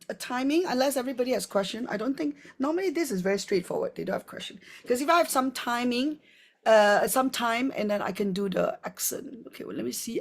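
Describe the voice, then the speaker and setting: A woman who presents skincare products in a live demonstration. She talks in a chatty, rambling way full of fillers. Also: medium pitch.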